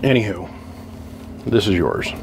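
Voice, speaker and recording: A man's voice: low voice, sing-song, unhurried, gravelly, background noise. A man chatting to camera in his home workshop, telling a long rambling story in a casual, salty way. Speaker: radio repair vlogger.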